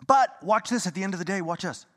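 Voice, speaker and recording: A man preaching a sermon in a fired-up, rambling way, swinging from loud bursts to hushed talk. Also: high voice, quick pace. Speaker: pastor. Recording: long hall reverb.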